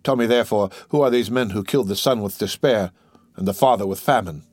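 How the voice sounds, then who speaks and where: A man's voice: on the low side, fast talker, a little mellow, no room sound, clean studio sound, natural voice. A man voicing an intense disguised priest who presses a witness with pointed questions in a storybook reading. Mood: pressing. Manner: probing, pressing.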